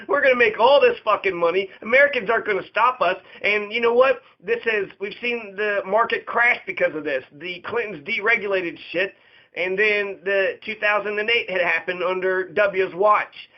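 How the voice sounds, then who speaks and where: A man's voice: high-pitched, highs cut off. A man hosting a show of political commentary, ranting sarcastically and swearing freely. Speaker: host.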